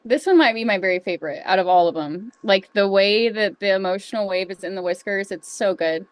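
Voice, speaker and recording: A woman's voice: mid-range voice, a little fast, clean tone, no room sound. A woman co-hosting a casual chat who gushes enthusiastically about the designs. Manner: gushing, enthusiastic. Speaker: co-host.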